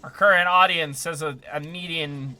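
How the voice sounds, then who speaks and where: Bright, chatty male game streamer. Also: a little high, fairly even intonation, moderate pace. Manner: chatty, upbeat, laughs often, talks to chat. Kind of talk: live gameplay commentary.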